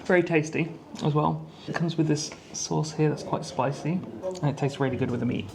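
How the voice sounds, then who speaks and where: A man from the UK, a travel companion, giving a relaxed, easygoing review of his food. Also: on the high side, fairly quick, vocal fry. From United Kingdom. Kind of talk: casual food review to camera.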